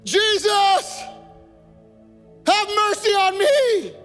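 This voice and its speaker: A man voicing a blind beggar who cries out loudly, pleading for mercy. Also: extremely high pitch, takes it slowly, exaggerated voice. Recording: long church reverb with faint music.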